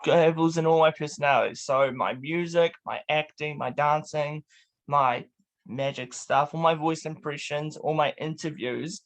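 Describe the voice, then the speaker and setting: A young man hosting a casual interview, playful and quick to laugh. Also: on the high side, steady tone. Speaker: host. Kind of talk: casual chat.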